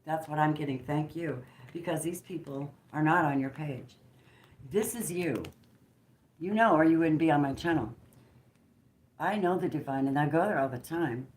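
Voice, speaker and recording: Woman tarot reader, deep voice, roomy echo, channeling spontaneously, emphatic and blunt. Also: normal speed. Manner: emphatic and preachy, swinging between hushed and forceful, with blunt swearing. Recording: roomy echo with faint background noise.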